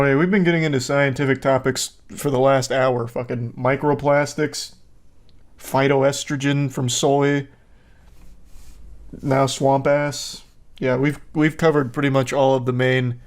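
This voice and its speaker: A man giving casual online commentary in a deadpan, flat way, blunt and crude. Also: mid-range voice, gravelly. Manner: deadpan, flat-affect delivery.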